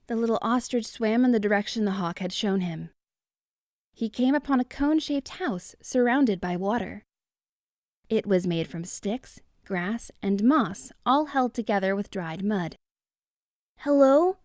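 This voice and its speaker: Storybook narrator, woman, lively and expressive, dry close recording. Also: mid-range voice, unhurried, dry recording. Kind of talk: children's story reading.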